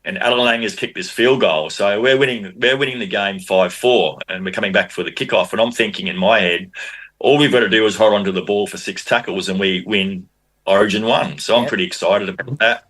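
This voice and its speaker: An Australian man with a fairly low voice, talking casually as a podcast guest. He tells lively anecdotes in a loose, conversational way, often restarting his sentences. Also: fairly quick. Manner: animated anecdotes, frequent restarts. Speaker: podcast guest, former rugby league player. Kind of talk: casual storytelling.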